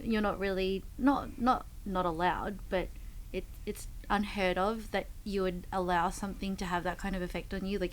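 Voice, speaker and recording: A woman's voice: medium pitch, slight background noise, poor audio. A woman, a fitness coach, telling rambling stories in a casual podcast chat. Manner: rambling storyteller with many fillers and restarts.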